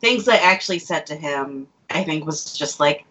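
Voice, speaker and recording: A woman's voice: low-pitched, animated, moderate pace, few pauses, sharp tone, husky, lo-fi sound. A woman co-hosting a podcast in casual chat, laughing often, on a headset mic. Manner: giggly, lots of laughter. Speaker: podcast co-host. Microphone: headphones with mic.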